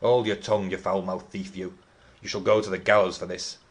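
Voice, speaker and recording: A man voicing a rough, suspicious manservant who speaks gruffly and accusingly. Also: low voice, level tone, a little fast, lightly acted.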